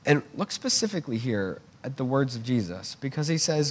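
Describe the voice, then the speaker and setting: Male preacher, mid-pitched, earnest and conversational, teaching a sermon. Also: very animated, fairly quick.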